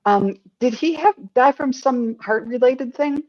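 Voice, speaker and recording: A woman medium giving a psychic reading in a gentle, hesitant way, with many pauses and ums. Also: sits high, dull audio.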